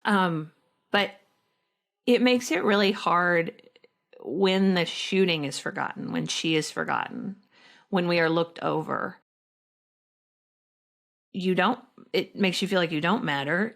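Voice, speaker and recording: A middle-aged woman speaks as a guest in a heartfelt interview. Her voice sits low and her pace is unhurried. She restarts phrases often as she gathers her thoughts. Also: vocal fry, a bit bright. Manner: halting, reflective, many restarts. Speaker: podcast guest, actress. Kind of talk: emotional interview conversation.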